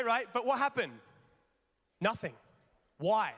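A man preaching a sermon, animated and conversational, putting rhetorical questions to his congregation. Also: very high voice, brisk. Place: large church hall. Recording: long reverb of a large hall.

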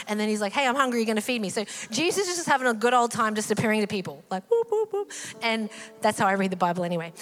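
A woman preaching a sermon in a church hall, animated and acting out the voices in the story. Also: mid-range voice. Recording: hall reverb with faint music.

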